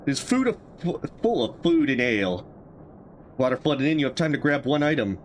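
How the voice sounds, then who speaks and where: A man's voice: mid-range voice, big pitch swings, a little fast, a little hiss or hum. A man streaming a survival game, giving casual commentary and thinking aloud over his choices.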